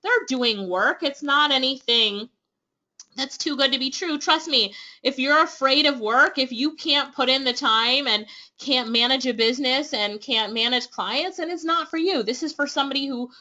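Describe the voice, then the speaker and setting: A Jamaican woman runs an online class webinar with eager, persuasive energy. Her voice sits high and bright. The sound is dull and lo-fi, like a webinar stream. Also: moderate pace. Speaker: online business trainer hosting a webinar. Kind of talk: upbeat sales pitch to webinar attendees.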